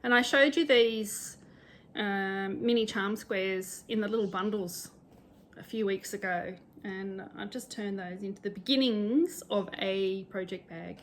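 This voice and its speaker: This middle-aged Australian woman, a cross-stitch vlogger, speaks at medium pitch and a little slowly, with a faint hiss or hum in the recording. She chats casually and rambles cheerfully about sewing and stitching at home, occasionally poking fun at herself.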